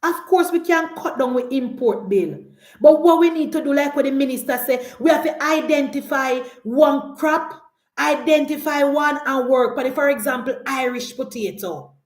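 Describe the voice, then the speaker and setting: A woman's voice: sits high, normal speed, roomy sound. A woman with a Jamaican accent giving emphatic, argumentative political commentary on a live call-in show.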